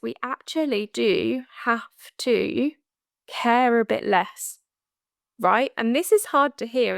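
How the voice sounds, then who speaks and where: A woman's voice: on the high side, clean tone, dry recording, clean studio sound. A woman hosting a solo spiritual coaching podcast, chatty and laughing often, with frequent asides. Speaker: podcast host.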